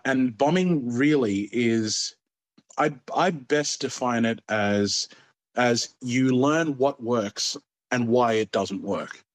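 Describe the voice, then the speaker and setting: A man, a stand-up comedian, telling stories in a casual interview and acting out the voices of people he quotes. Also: medium pitch. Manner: animated, acts out quoted voices.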